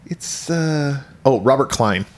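Guy on a podcast swearing a lot, acting out the lines, pitch jumping all over. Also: slow. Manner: profane, animated, acts out the characters' lines. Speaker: podcast co-host. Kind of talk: casual chat recapping a movie.

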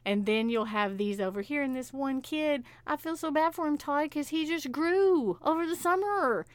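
A woman's voice: sits high, normal speed, dry recording. A woman co-hosting a podcast, chatting casually and animatedly about shows and laughing often. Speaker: podcast co-host. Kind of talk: casual chat.

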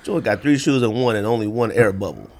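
A man's voice: on the low side, fast. A young man co-hosting a podcast, chatting casually and joking, laughing often. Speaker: podcast co-host. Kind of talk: casual chat.

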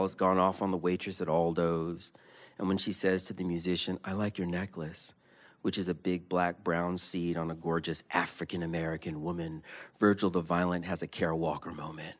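A man, a poet, reading his prose aloud and then chatting casually about his art, animated and given to quick mimicry. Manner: animated, jumps into high-pitched mimicry of others. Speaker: poet and guest.

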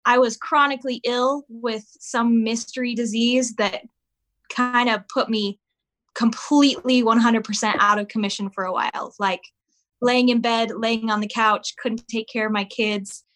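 A woman in her thirties, chatting casually as a podcast guest and telling an animated story. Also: a little high, moderate pace. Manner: animated storyteller, acts out voices of her kids. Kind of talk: casual chat.

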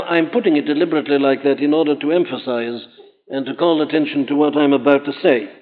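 A fairly high-voiced man preaching in an earnest, emphatic way, pushing his voice up on the questions he drives home. The recording is thin and phone-like, and the sound hangs in a long reverb like a large hall. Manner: earnest, emphatic, rising to exclamations. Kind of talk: sermon.

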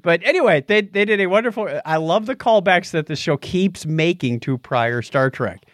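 A man chatting casually on a podcast, his voice swinging widely in pitch as he recaps scenes. He acts out quoted lines and laughs often. The sound is dry and close. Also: animated, moderate pace, no echo. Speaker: podcast host. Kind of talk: casual chat recapping a TV episode.

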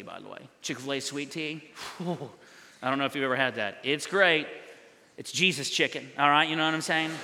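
A man's voice: a little high, pushed and bright, long reverb tail. A male pastor preaching a sermon in a loose, conversational way, acting out little scenes for his congregation. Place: church sanctuary.

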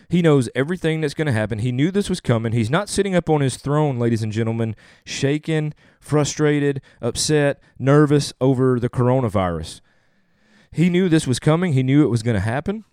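A man's voice: mid-range voice, a little mellow, clean tone, dry recording, clean studio sound. A young adult man, a pastor, delivering an earnest sermon with emphatic, repeated phrases.

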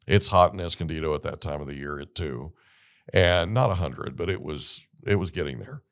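A middle-aged man hosting an interview, telling a lively story and acting out the dialogue. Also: a bass voice, fairly quick. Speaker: podcast host.

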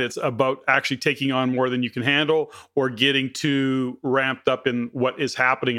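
Canadian male podcast host, mid-pitched, loose conversational delivery, full of restarts. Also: fairly bright tone. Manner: rambling, many restarts. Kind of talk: casual conversational interview.

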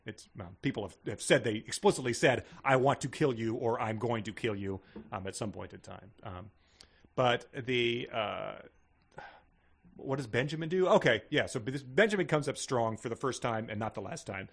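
A man's voice: medium pitch, normal speed, breathy edge. A man co-hosting a podcast, reading a book aloud and riffing on it with frequent fillers. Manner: rambling, frequent fillers and laughs. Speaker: podcast co-host.

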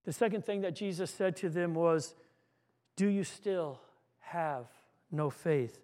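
A man's voice: fairly high pitch, slow pace, a little mellow. A male pastor preaching an earnest sermon, repeating words as he goes and acting out a story.

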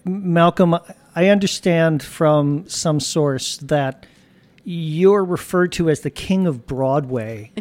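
A man's voice: on the high side, takes it slowly, darkish tone. A man hosting a podcast, asking questions in a genial way with somewhat wordy phrasing. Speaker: podcast host. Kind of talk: conversational interviewing.

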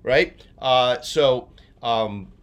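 A man in his forties from New Jersey, co-hosting a casual chat and telling stories he acts out with shouts. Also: mid-range voice, extremely slow, a little hiss or hum. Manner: animated storyteller, acts out shouts. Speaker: podcast co-host.

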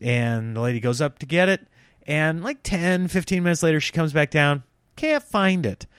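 A man's voice: fairly high pitch, moderate pace, clear, resonant tone, dry recording, clean studio sound. A man casually telling a self-mocking travel story, acting out the people in it. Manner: animated, self-mocking, acts out dialogue.

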